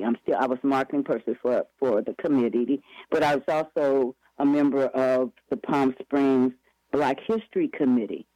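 A man's voice: a little high, a little mellow, dry recording, dull audio. A man chatting eagerly as an interview guest, rambling with many restarts and self-corrections. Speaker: guest promoting upcoming events. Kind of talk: casual radio interview chat.

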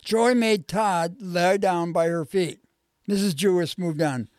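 A casual reader reading a children's chapter book aloud at a mid pitch. The recording is dry and close, with no room sound. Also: takes it slowly, no room sound. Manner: casual, laughs between lines.

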